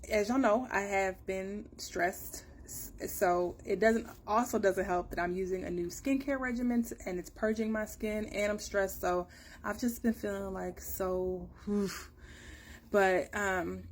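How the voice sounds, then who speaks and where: A woman in her thirties chats casually to her viewers, telling a long story in an everyday voice of middle pitch. When she repeats her own questions, her voice jumps up with disbelief. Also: a little hiss or hum. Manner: chatty storytelling, acts out dialogue with rising pitch. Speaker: mother giving a family update. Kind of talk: casual chat to camera.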